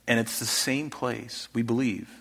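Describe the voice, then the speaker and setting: Fields: Man. Role: preacher. Style: earnest sermon, loud then hushed. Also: mid-range voice, fairly even intonation, unhurried, gravelly, slightly rough. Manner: swings from loud emphatic to soft hushed; earnest, asks rhetorical questions. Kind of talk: expository sermon.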